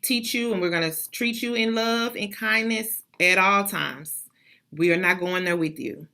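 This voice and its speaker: A school principal addresses students and staff over a video call with a motivational speech, hammering her points home and repeating herself like a preacher. Her voice is fairly low, sharp in tone, and carries vocal fry.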